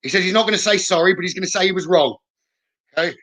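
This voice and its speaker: Bright high-voiced medium. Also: male voice, fast talker, low-quality recording. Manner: reassuring, keeps adding "okay?". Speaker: psychic medium. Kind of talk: live spirit-message reading.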